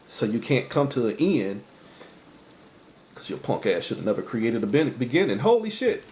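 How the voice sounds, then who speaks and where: A man at an ordinary middle pitch talks through a tarot reading in a loose, preachy monologue. He is blunt and profane. He keeps breaking in with high exclamations and then drops into low muttered asides. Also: a little mellow, a little hiss or hum. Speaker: tarot reader. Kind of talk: casual spiritual monologue.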